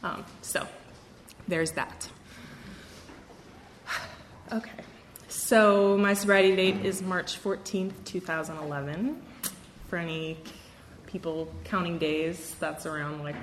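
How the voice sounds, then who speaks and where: A woman's voice: low voice, reverberant. A young woman from Wisconsin giving a candid, self-deprecating personal testimony at a recovery meeting, with a lot of fillers and laughter.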